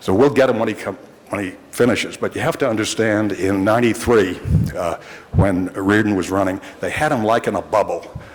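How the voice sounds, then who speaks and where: Wry low-voiced older man telling stories. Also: brisk. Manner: rambling, wry, with frequent restarts. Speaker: longtime city reporter addressing the council. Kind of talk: anecdotal storytelling. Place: city council chamber. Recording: reverberant council chamber.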